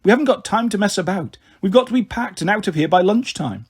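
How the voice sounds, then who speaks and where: A man's voice: sits high, animated, fast, slightly rough. A man reading aloud, voicing a stern, fussy mother who scolds her daughters in a storybook. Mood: scolding. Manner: scolding, exasperated.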